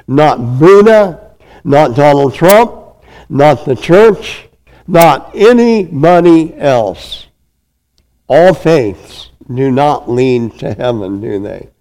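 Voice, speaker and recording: A man's voice: fairly high pitch, warm tone, low-quality recording. A man preaching a sermon with an emphatic, repetitive cadence.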